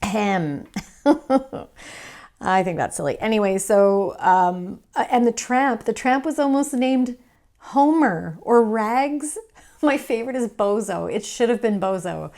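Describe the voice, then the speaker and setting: Chatty woman with a gravelly edge. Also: mid-range voice, expressive, a little mellow. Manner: chatty, playful, quick to laugh, self-deprecating. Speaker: painting instructor. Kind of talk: casual painting tutorial.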